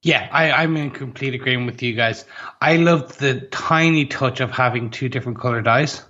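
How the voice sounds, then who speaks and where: Man, bright tense voice, dull lo-fi sound, animated chat. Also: mid-range voice, moderate pace. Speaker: podcast co-host. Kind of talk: casual review chat. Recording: dull lo-fi audio.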